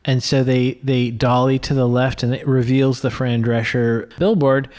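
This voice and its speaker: A man's voice: mid-range voice, level tone, normal speed, a little mellow. Laughing man co-hosting a film podcast. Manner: laughs readily, thinks aloud with small restarts. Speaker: film podcast co-host and filmmaker. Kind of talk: casual film discussion chat.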